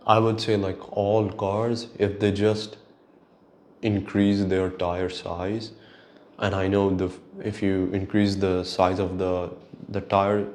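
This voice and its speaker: Low-voiced man ranting slowly, exasperated. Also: little pitch movement, darkish tone. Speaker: podcast host. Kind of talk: solo rant.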